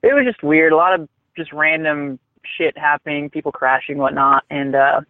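A man telling a rambling, animated story in casual chat, swearing freely. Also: fairly high pitch, normal speed, no room sound. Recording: tinny phone-like line, dry.

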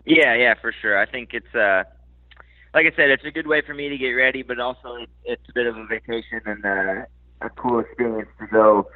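A man in his thirties from Minnesota with a faint Minnesota accent, talking casually in an interview, relaxed and hesitant with many fillers. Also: mid-range voice, a little fast, no room sound. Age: 30s. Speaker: motocross racer. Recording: dry, tinny phone-like line.

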